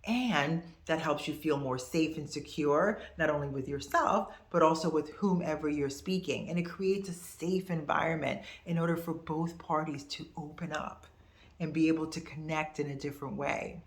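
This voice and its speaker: An expressive woman in her fifties gives a casual lesson to camera. Her voice sits a little low, and the room around her sounds echoey. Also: moderate pace. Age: 50s. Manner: expressive, conversational, animated asides. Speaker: host.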